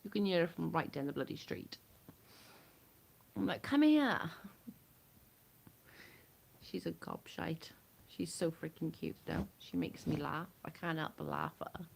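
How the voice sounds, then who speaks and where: A chatty woman on a livestream, talking straight to her viewers. Her voice sits fairly low with a gravelly fry. She is blunt and swears without a second thought. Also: steady tone, normal speed, a little hiss or hum. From United Kingdom. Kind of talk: casual chat with viewers.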